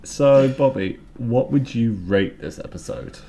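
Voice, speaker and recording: A man's voice: mid-range voice, unhurried, warm tone, a little hiss or hum. A man co-hosting a podcast, chatting in a laid-back way and laughing often. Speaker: podcast co-host. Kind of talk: casual chat.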